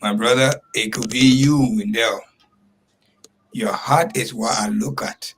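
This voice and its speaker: A man's voice: fairly low pitch, measured pace, a little hiss or hum. A man hosting a radio talk show, speaking in an earnest, affirming way.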